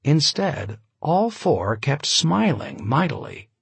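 A man reading a novel aloud, a measured and expressive narration with a wry touch. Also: a little high, creaky, slightly rough, dry recording. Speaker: audiobook narrator. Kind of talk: scripted narration.

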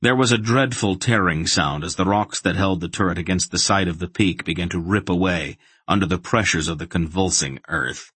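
A man narrating a fantasy audiobook in a dramatic, measured storytelling manner. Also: low-pitched, fairly bright tone, breathy edge, no room sound.

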